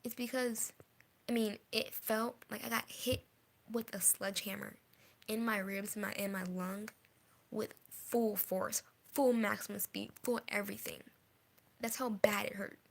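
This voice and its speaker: A woman's voice: mid-range voice, steady tone, a little slow, creaky. A young woman telling a storytime vlog in an earnest way, repeating phrases and dropping into whispers at painful moments. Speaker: vlogger.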